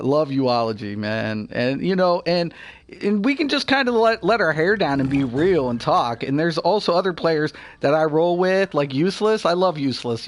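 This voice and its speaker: A young man chatting casually while streaming a game, rambling and profane, with laughs between his thoughts. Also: a little high. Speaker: gaming streamer. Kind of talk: casual live-stream chat.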